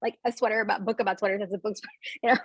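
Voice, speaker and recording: A woman author chatting over a video call, bubbly and rambling, breaking into laughs often. Her voice is husky and airy, and the sound is close and dry. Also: medium pitch, steady tone, very fast, dry recording. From United States. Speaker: author guest. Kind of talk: casual interview chat.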